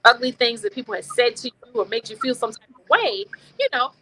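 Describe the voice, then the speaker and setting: Animated, bright-voiced woman host. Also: a little high, brisk, rough recording. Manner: animated storytelling, preacher-like affirmations. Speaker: talk show host. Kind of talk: casual conversation.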